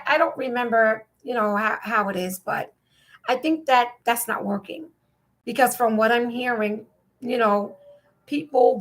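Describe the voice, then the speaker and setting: A woman's voice: fairly high pitch, fairly bright tone. A woman from New Jersey hosting a casual opinion talk show, rambling and incredulous as she questions the news. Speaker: podcast host.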